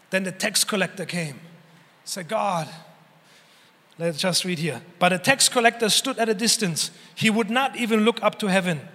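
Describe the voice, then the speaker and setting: A man's voice: very high-pitched, bright, forceful tone, long reverb tail. A man preaching a sermon as pastor, earnestly, with emphatic repetition and voiced prayers. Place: church hall.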